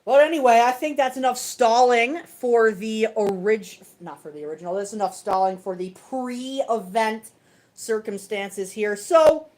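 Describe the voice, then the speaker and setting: A woman's voice: fairly high pitch, unhurried, a little mellow, poor audio. A woman hosting a casual livestream from a home tabletop setup, self-deprecating and chuckling often. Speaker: host of a toy robot fight livestream.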